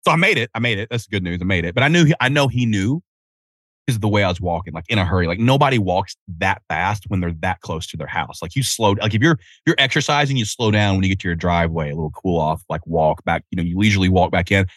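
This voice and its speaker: Low-voiced guy in his 30s from tennessee doing a chatty podcast outside, swears a lot, dry close mic. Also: fast talker, no echo. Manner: animated storytelling with cursing and self-interruptions. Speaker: podcast host. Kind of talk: casual solo podcast chat. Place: outdoors.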